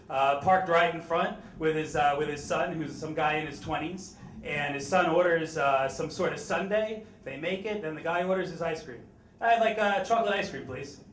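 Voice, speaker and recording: A man's voice: a little high, fairly bright tone, slight background noise. Wry male storyteller on an echoey stage. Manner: wry, self-deprecating, conversational.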